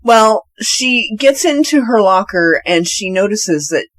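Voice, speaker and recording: A woman's voice: mid-range voice, lively intonation, measured pace, dry recording, poor audio. A woman co-hosting a podcast, chiming in with short agreeing replies and dry asides while recapping a film. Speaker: podcast co-host. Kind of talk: casual movie recap chat.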